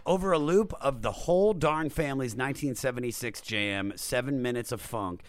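A man's voice: medium pitch, brisk, dry recording. Joking male podcast host, dry sound. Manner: joking, playful. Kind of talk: casual chat.

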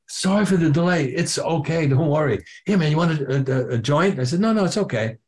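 A man's voice: fairly high pitch, lively intonation, a little fast, a little mellow. An older man, a drummer being interviewed, telling a story with lots of acted-out quotes and casual swearing. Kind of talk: animated anecdote telling.

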